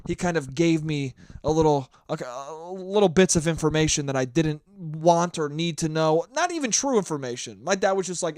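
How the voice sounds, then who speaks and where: A man's voice: a little high, lively intonation, a little fast, hardly any pauses, no echo. A hungover young man hosting a solo podcast, rambling and swearing freely, scatterbrained. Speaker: podcast host. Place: New York.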